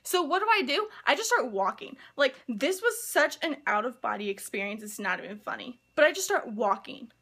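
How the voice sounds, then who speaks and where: A young woman in college vlogging excitedly and gushing, with lots of "like" fillers. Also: fairly high pitch, normal speed, gravelly, few pauses, breathy edge. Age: young adult. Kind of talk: casual vlog.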